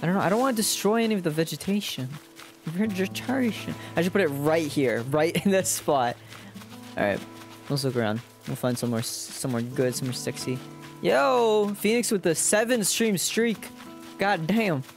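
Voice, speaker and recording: A streamer talks casually over gameplay with playful, crude jokes. The voice swings lively up and down, and game music plays clearly behind it. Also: medium pitch, normal speed.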